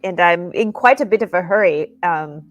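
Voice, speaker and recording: A woman's voice: lowish voice, moderate pace, lo-fi sound, soft background music. A woman player in a tabletop game, speaking in character, hesitant with many ums.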